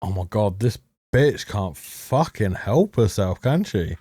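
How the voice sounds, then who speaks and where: Brief: male reviewer, mellow darker tone, profane, mocking rant commentary. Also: on the low side, animated, slow, breathy edge, no echo, clean studio sound. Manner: sarcastic, heavily profane, mocking laughs. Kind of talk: ranting commentary over a show.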